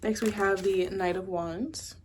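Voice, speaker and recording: A woman's voice: medium pitch, steady tone, measured pace, slight background noise. A young woman from the States, giving a casual pick-a-card tarot reading in a chatty, rambling way full of "like" and "you know". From Southern United States. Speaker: tarot reader.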